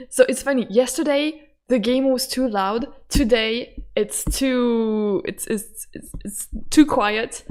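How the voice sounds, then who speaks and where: A woman with a voice, commenting casually on a game she is streaming, excitable, stammering and laughing often. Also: fairly high pitch. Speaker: gaming streamer. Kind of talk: casual let's-play commentary.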